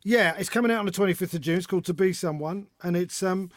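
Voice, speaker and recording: Brief: man, 50s, high-pitched, dry close sound, chatty guest who acts out stories. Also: quick pace, no room sound. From North London, England. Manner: animated storyteller, acts out voices. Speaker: guest author and comedian. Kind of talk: casual chat.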